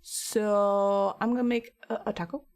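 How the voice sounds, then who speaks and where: A woman's voice: mid-range voice, fairly even intonation, a little slow, darkish tone, clean tone. A woman chatting loosely and rambling between topics while she crafts on a live stream. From United States. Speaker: art streamer.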